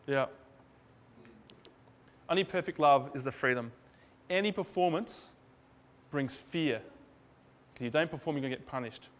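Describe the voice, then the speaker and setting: A man's voice: a little high, expressive, normal speed, fairly bright tone. A man preaching a sermon in a loose, conversational way, acting out little dialogues in different voices. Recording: hall reverb.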